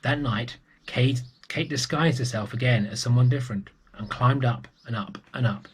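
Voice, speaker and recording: A man reading a picture book aloud to young children, gentle and unhurried. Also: mid-range voice, slight background noise. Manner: gentle and unhurried, with small restarts.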